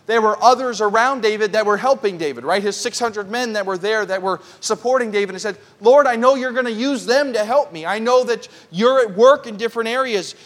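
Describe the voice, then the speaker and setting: Talking fairly quickly with hardly a pause, a high-voiced male pastor gives an earnest Bible-teaching sermon at a church prayer service. He keeps it conversational and repeats his points for emphasis.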